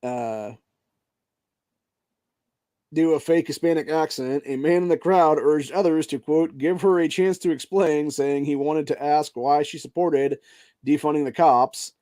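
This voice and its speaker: A man's voice: a little high, unhurried, long pauses. A male podcast host who reads news articles aloud and breaks into angry, profanity-filled rants, ending his sentences with "dude.". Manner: heavy profanity, keeps tacking "dude" onto sentences; angry, heated tirades between flat read-outs. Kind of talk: reading news articles aloud and ranting over them.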